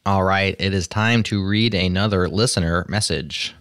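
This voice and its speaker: Deep-voiced man reading listener mail. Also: steady tone, moderate pace, few pauses, a bit bright, no room sound, studio quality. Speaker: podcast host.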